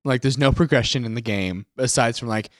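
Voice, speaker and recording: A man co-hosting a podcast in casual chat, rambling with lots of "like" fillers and slipping into quick impressions. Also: medium pitch, dry recording, clean studio sound. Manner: rambling, many "like" fillers, animated impressions of characters. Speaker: podcast co-host.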